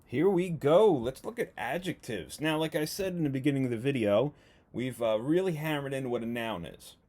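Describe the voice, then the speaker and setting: Male teacher, mid-pitched voice, patient and upbeat, walks young kids through a lesson slowly. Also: expressive, darkish tone. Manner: slow, patient, encouraging, stretches out words. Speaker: first grade teacher. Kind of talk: remote video lesson for young children.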